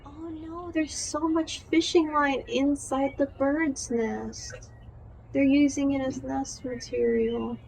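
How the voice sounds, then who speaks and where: A woman vlogging outdoors from a kayak, upset and close to tears, talking in halting, broken-off sentences. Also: sits high, fairly even intonation, vocal fry, a little mellow, a little hiss or hum, rough recording. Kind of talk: casual vlog narration.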